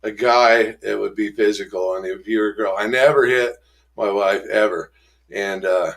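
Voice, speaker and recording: A middle-aged man candidly telling his life story in an interview, rough-spoken, acting out old arguments in raised voices. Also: lowish voice, fairly even intonation, normal speed, fairly bright tone.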